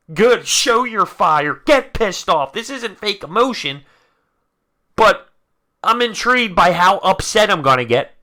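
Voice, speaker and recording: A man ranting as host of a fan reaction video, frustrated, dropping into low grumbles and then breaking into loud outbursts. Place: indoors, talking to camera.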